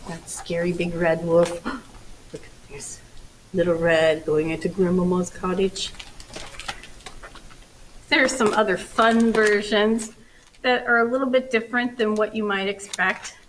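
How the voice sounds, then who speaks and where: A woman librarian reading a storybook aloud to children, expressive and animated, with playful asides. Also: medium pitch, unhurried, a little hiss or hum, rough recording.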